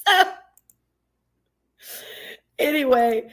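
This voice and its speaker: A woman's voice: sits high, expressive, extremely slow. A woman streamer chatting casually and reading out her viewers' comments, candid and emphatic, swearing freely. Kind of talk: casual livestream chat.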